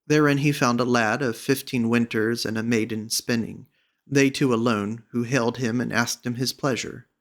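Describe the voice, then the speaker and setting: A man reading a classic storybook aloud as an audiobook narrator, in a measured, even manner. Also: medium pitch. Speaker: audiobook reader.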